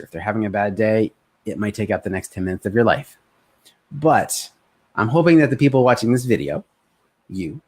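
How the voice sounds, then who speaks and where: Energetic male sales coach on a live stream. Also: medium pitch. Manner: energetic, conversational, acts out prospects' voices.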